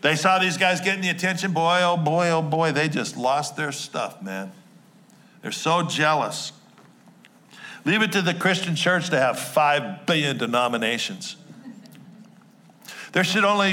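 A man's voice: on the high side, bright, forceful tone. A man preaching a sermon in a New Jersey accent, talking in a chatty, joking way with asides to his congregation. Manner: conversational and jokey, quick asides to the congregation. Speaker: pastor.

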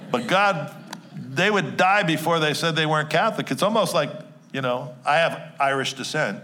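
A man delivers a sermon with a New Jersey accent, joking and chatting with his congregation as he goes. His voice sits a touch high and rings bright. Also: lively intonation, slight background noise. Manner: conversational and jokey, quick asides to the congregation. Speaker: pastor.

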